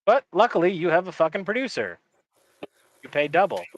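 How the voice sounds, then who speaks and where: A man's voice: high voice, big pitch swings, fairly quick, muffled recording. Profane joking man on a podcast. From Upper Peninsula of Michigan. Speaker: podcast producer and co-host. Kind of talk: casual podcast chat.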